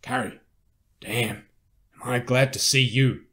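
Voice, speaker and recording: A man voicing a weary middle-aged rebel captain, gruff and resigned but commanding, in an audiobook. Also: mid-range voice, steady tone, slow pace, a bit bright. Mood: relieved.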